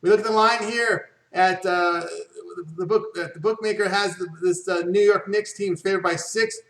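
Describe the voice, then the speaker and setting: A man's voice: sits high, fairly even intonation, moderate pace, a bit bright. A man hosting a sports betting show, casually reading out the odds and asking for picks. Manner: casual, reads odds off the card. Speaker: show host. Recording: roomy and distant from the mic.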